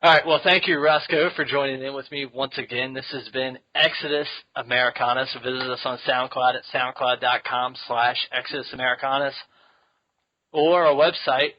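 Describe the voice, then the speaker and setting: A man's voice: mid-range voice, fairly even intonation, normal speed. Joking male podcast host, lo-fi sound. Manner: joking, rambling with many restarts. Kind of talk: casual podcast chat.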